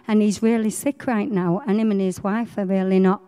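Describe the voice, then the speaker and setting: A middle-aged woman, telling her faith story in a chatty, animated way. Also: medium pitch, brisk, clean tone, in a large hall. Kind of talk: personal faith testimony.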